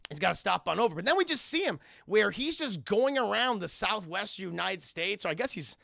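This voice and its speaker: A young man reviewing a film with his live chat, casual and profane, acting out lines loudly. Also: high voice, a little fast, vocal fry, no room sound, studio quality. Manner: profane, animated, acts out quotes loudly.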